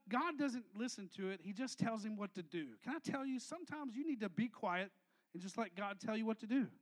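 A young adult pastor with a voice that sits high preaches a casual, slang-filled sermon, moving between hushed asides and loud, emphatic lines.

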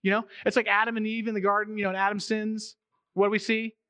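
A man's voice: high voice, little pitch movement, fast, bright, forceful tone, clear, resonant tone, dry recording. A man in his thirties or forties preaching a sermon in a conversational way, acting out the quotes he tells. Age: 30s to 40s. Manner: conversational, acts out quotes in voices. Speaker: pastor.

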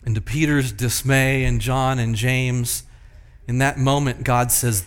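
A man delivers a sermon in a middle-pitched voice. He builds to loud, emphatic peaks, then drops to hushed, slow lines. His delivery stays dramatic throughout. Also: fairly even intonation, clean tone. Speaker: pastor.

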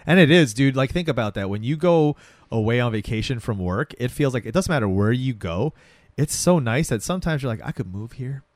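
Animated young man recapping a show. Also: mid-range voice, brisk, no echo. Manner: animated, acts out characters' lines while retelling. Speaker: podcast co-host. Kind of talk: casual chat recapping a TV episode.

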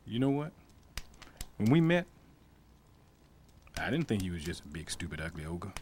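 An actor playing a gentle, encouraging male companion in an animated film, heard as a distant clip. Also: low voice, normal speed, slight background noise.

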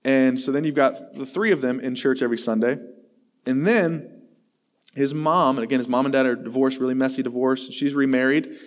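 A man's voice: mid-range voice, fairly quick. A man, a pastor, giving a sermon in a conversational, self-deprecating way, telling a long story and acting out the voices in it.

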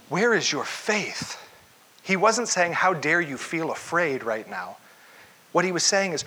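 A man preaching a conversational sermon to a group, asking questions and acting out quotes as he goes. His voice is bright and sits a touch high for a man. He talks in a loose, casual way, with fillers like "like" and "you know". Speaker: pastor. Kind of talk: interactive sermon.

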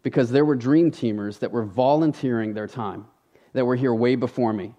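A man's voice: medium pitch, normal speed, dark tone, highs cut off. A man preaching a sermon from a church stage, talking in a conversational, emphatic way and often appealing straight to the congregation. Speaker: pastor.

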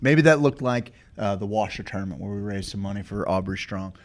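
A man's voice: lowish voice, a little fast. A man hosting a talk show, casual and profane, reading sponsor spots and inviting listeners to text in. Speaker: host.

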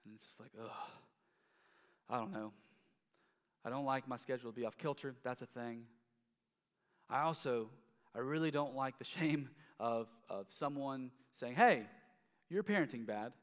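A man's voice: mid-range voice, normal speed, long pauses, in a large hall. A man in his thirties preaching a sermon as pastor, in a conversational way that often restarts and repeats words.

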